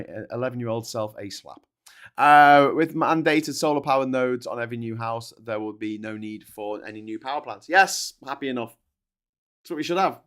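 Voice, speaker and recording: A man hosts a relaxed livestream. He reads out headlines and drifts into rambling, jokey asides, swearing now and then as he replies to viewers' comments. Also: medium pitch. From Liverpool, England. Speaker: show host. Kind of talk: casual livestream chat reading newspapers.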